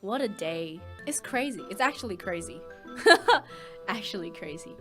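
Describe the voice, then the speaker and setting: A woman streamer chatting casually, recounting a story in an excitable, animated way. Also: mid-range voice, unhurried, soft background music.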